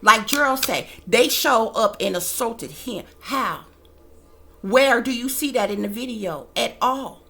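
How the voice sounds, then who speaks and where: Woman host, heated commentary vlog, blunt and profane, fairly high, bright edgy voice. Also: unhurried, creaky. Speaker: channel host.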